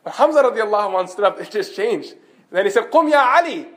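A man gives an animated storytelling sermon at a fast clip. His voice sits high, and he breaks off now and then for light joking asides. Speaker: Islamic preacher.

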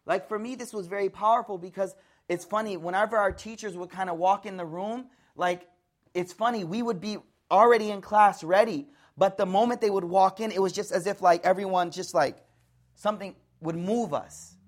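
An African American man from the United States giving a lively, conversational religious lecture, acting out voices to show tone. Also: high voice, normal speed. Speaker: Islamic teacher.

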